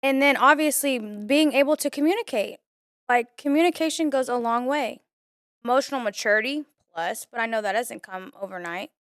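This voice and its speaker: Young woman guest, earnest and chatty, smooth high voice, dry close mic. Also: moderate pace, a bit bright, dry recording. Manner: earnest, talkative, frequent "like". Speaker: podcast guest. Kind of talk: casual chat.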